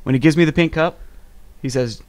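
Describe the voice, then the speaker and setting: A man co-hosting a casual podcast, talking in deadpan sarcasm and pausing on many fillers. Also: fairly high pitch, no room sound. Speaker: podcast co-host. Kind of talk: casual round-table chat.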